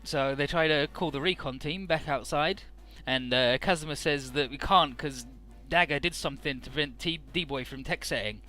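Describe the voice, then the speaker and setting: A man's voice: fairly high pitch, moderate pace, few pauses, pushed and bright. A man casually narrating a video game run, offhand and profane, with game music faint behind. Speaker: let's play host.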